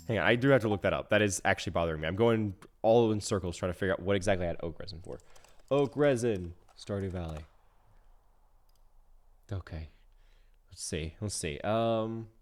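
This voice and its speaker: A man streaming a game live, talking casually in a rambling, self-interrupting way full of restarts, swinging from soft mumbles to loud outbursts. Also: low voice, normal speed, pauses often, faint music behind. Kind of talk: casual live-stream chat while gaming.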